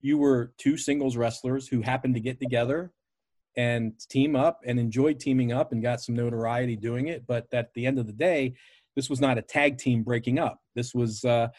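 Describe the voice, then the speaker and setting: A man's voice: medium pitch, steady tone, normal speed, a little mellow, dry recording. A man hosting a wrestling podcast, asking questions and affirming his guest. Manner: affirming, asks questions with fillers. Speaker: podcast host. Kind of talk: podcast interview.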